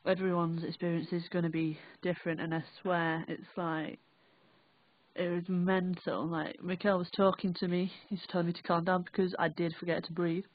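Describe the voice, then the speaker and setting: A woman's voice: on the low side, flat delivery, moderate pace, dry recording. Young northern english woman rambling on, swears loads, tinny dry phone audio. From England. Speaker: vlogger. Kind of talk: casual first-person recollection.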